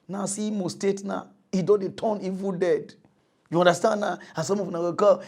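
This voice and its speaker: A man hosts a satirical mock news show in Nigerian Pidgin English, ranting animatedly and swinging from mutters to loud outbursts. His voice is high, brisk and gravelly.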